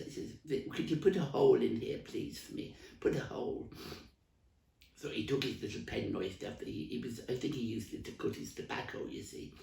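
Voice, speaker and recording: A man's voice: mid-range voice, gravelly, warm tone. A man playing an elderly Dublin stall trader, a rambling, coughing heavy smoker who stumbles and restarts as she talks. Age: older. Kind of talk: comic character monologue. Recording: roomy, distant mic.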